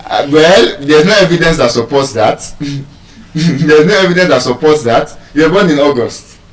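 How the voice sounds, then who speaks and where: A man's voice: a little high, animated, normal speed, echoey room, recorded from a distance, poor audio. A Nigerian man teaching English word stress to a live audience, teasing them and asking questions.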